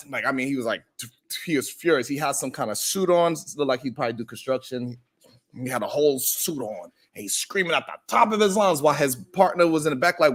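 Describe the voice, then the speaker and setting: Animated high-voiced man telling a story. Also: brisk. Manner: storytelling, acts out quoted voices, greets chat viewers by name. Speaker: live stream show host. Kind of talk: animated live stream monologue.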